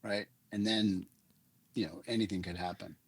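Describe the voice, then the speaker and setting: Husky older man, earnest coach. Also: lowish voice, steady tone, normal speed. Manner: earnest, uses images and analogies. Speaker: guest, leadership coach. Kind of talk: reflective interview talk.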